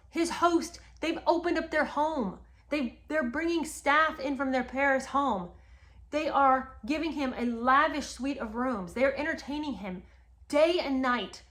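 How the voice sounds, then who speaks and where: A woman's voice: fairly high pitch, fairly bright tone. Indignant woman telling royal history. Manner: indignant, talks straight to listeners. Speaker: podcast host. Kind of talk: animated history commentary.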